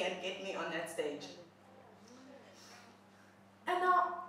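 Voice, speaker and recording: A woman's voice: lowish voice, slow pace, long pauses. A young woman telling a comic personal story, self-mocking and laughing as she talks. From South Africa. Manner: animated, self-mocking, laughs while talking. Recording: very echoey room, mic far off.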